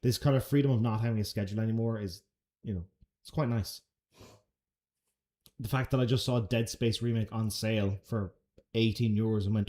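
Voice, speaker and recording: A man's voice: lowish voice, fairly even intonation, fairly quick, pauses often, a little mellow. Laid-back Irish man chatting. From Ireland. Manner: laid-back, chatty, swears casually, laughs often. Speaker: streamer answering chat questions. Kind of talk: casual live-stream Q&A.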